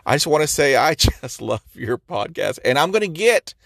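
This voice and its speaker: A man's voice: a little high, very animated, normal speed, vocal fry, fairly bright tone, dry recording, studio quality. A man with a stutter leaving a recorded voice message for a podcast, talking in an effusive, complimentary way. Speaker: caller.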